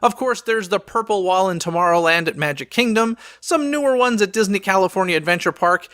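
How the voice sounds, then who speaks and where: Reading a scripted news roundup for his own podcast, a man sounds upbeat, quick and expressive, with a wry, sarcastic edge. His high voice comes across bright and forward, captured on a close mic in a dry room with no echo.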